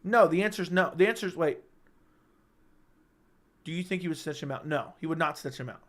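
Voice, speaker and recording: A man hosting a casual livestream chat, talking in an animated, emphatic way, repeating himself and swearing freely. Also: on the high side, normal speed. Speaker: livestream host. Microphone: studio microphone.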